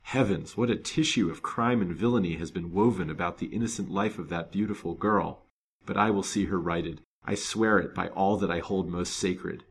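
A man's voice: deep voice, moderate pace, a little hiss or hum. A man reading the part of a resolute, gallant detective in a storybook, grave and determined. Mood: vehement. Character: determined, gallant male detective, kind but stern.

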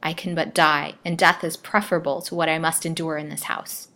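A woman's voice: deep voice, level tone, brisk, bright, forceful tone. A woman voicing a frightened young girl held captive, timid at first but dauntless. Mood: defiant. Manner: frightened, pleading.

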